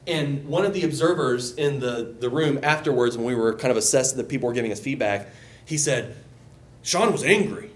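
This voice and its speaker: A man leading a group Bible study, speaking loosely and conversationally, with a voice that rises as he gets excited. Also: mid-range voice, a little fast. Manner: enthusiastic, voice rises when excited; loose and conversational, with restarts and asides.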